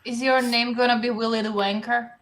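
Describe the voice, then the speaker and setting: A woman guest on a loose online panel talk. Her voice sits fairly high. She needles the men with dry, teasing questions. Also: flat delivery, fairly quick, noisy background. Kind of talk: casual panel chat on a livestream.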